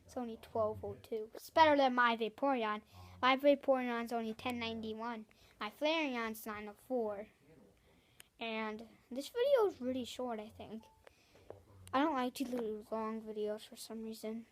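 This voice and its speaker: Woman vlogger with a higher voice, rambling and chatty, keeps apologizing to viewers. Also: a little slow. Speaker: video host. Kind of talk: casual vlog chat.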